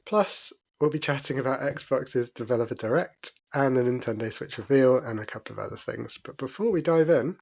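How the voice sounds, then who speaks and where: A British man in his forties with a medium-pitched voice, hosting a podcast. He sounds friendly and upbeat and reads his intro smoothly before easing into chat with his co-host. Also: brisk, few pauses, a little mellow. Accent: British English. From Britain.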